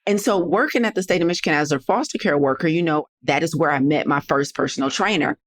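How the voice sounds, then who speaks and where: Sassy low-voiced woman coach. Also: fast. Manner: sassy, direct, preachy, talks straight to listeners. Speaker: podcast host and health coach. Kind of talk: motivational solo podcast talk.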